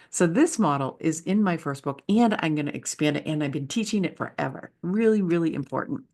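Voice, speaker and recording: A woman's voice: sits low, animated, normal speed, vocal fry. A woman who is a leadership speaker and author, giving an enthusiastic, conversational presentation with slides.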